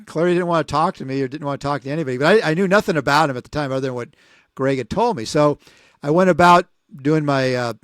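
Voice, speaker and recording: A man in his sixties, a podcast co-host telling a long story casually, rambling and animated, acting out what people said. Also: fairly high pitch, fast talker, no echo, studio quality. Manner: rambling, animated, acts out quoted voices.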